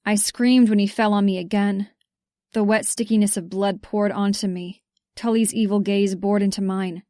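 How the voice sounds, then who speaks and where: A woman's voice: medium pitch, fairly even intonation, normal speed, dark tone, dry recording, studio quality. A woman reading a first-person romance audiobook in a tense, urgent way. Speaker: audiobook narrator.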